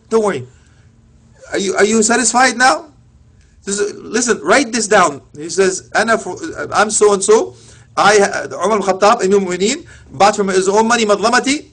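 A man's voice: high-pitched, a bit bright, breathy edge. A man giving an emotional Islamic lecture, retelling stories with passion and sprinkling in Arabic phrases. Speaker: preacher.

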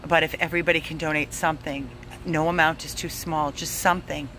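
A woman's voice: sits low, fairly even intonation, a little fast, a bit bright, a little hiss or hum. A woman who heads an animal rescue, making an urgent, emotionally drained donation appeal and pleading over and over. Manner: pleading, repeats herself, begging.

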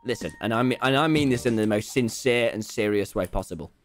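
A young man, bantering loudly and jokily on a live game stream. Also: on the low side, fast talker, faint music behind. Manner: loud, brash, jokey banter. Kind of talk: casual gaming chat on a live stream.

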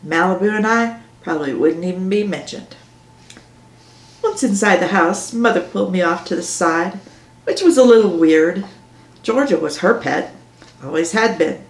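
A woman's voice: lowish voice, animated. Woman narrating her novel, roomy echo. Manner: measured first-person storytelling. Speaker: author reading her own novel. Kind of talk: audiobook narration on camera.

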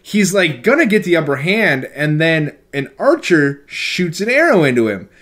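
A man's voice: fairly high pitch, big pitch swings, moderate pace, a bit bright. A man co-hosting a casual comedic movie podcast, rambling with lots of "like" fillers and sudden bursts of mock outrage. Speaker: podcast co-host.

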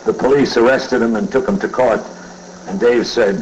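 A man's voice: medium pitch, moderate pace, dull audio, noisy background. An older man emceeing a comedy roast, telling brash, profane jokes from a banquet dais. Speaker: roast master.

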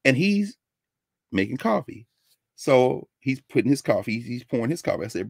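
An older man from Tennessee telling a personal story in a lesson, animated and acting out the people he quotes. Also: medium pitch, brisk, creaky, husky, no echo, clean studio sound. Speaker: lecturer.

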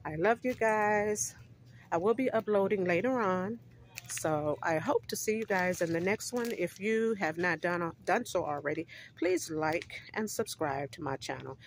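A woman's voice: lowish voice, unhurried, slight background noise. A woman vlogging on a handheld phone, chatty and affectionate toward her viewers, out of breath from walking outdoors and then through a store. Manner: chatty, affectionate, addresses viewers as you guys. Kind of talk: casual vlog chat to viewers. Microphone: phone held in hand.

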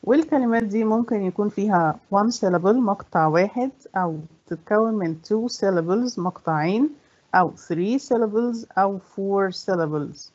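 A woman English teacher with an Egyptian accent, a native Egyptian Arabic speaker, explaining a lesson in Arabic and reading the English questions slowly. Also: medium pitch, a little mellow. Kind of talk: bilingual classroom explanation. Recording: dull lo-fi recording.

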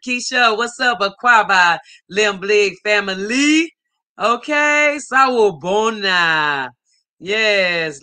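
A woman's voice: on the high side, sharp tone. A woman hosting a live stream, upbeat as she greets viewers by name and reads their chat comments aloud. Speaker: livestream host.

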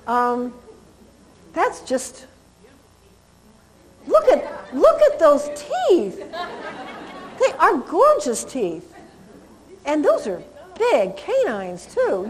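A woman's voice: high-pitched, rough recording. A middle-aged woman giving a lecture on dog behavior, chatty and often laughing, acting out dogs and people in quoted voices.

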